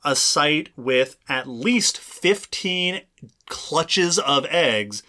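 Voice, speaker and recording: A man's voice: fairly high pitch, lively intonation, extremely slow, sharp tone. A man co-hosting a casual podcast, explaining at length with frequent restarts. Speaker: podcast co-host. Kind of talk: casual chat.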